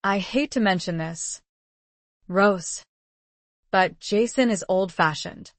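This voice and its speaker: A man's voice: sits high, slow pace, a bit bright, dry recording, full character voice. A woman reading an audiobook, voicing a dry, bantering aristocratic husband and father.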